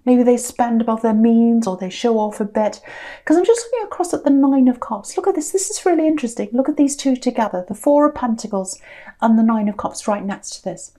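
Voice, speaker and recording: A woman giving a casual tarot reading to camera, musing aloud with frequent restarts and a soft, confiding way of talking. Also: a little high, fairly quick. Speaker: tarot reader.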